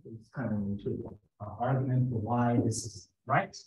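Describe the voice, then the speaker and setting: A man's voice: medium pitch, fairly even intonation, normal speed, darkish tone. Man lecturing in an echoey room. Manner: explanatory, thinking aloud at the board. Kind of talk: mathematics seminar talk. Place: seminar room. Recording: echoey lecture room, slightly dull sound.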